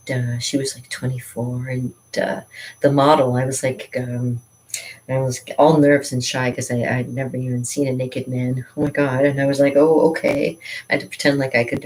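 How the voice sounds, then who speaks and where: Woman, very deep voice, chatty, giggly, rambling, casual painting vlog talk. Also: a little mellow, rough recording. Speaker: finger-painting vlogger. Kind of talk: casual chat while painting.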